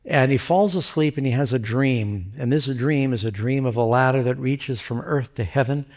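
A man preaching a sermon, retelling a scripture story with lively storytelling and character voices. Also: normal speed. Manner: animated retelling, voices characters with pitch jumps.

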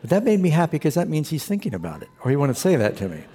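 A man's voice: on the high side, wildly swooping pitch, racing, mellow, breathy edge. A man preaching a sermon as a pastor, telling stories earnestly and exhorting the congregation. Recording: long reverb of a large hall.

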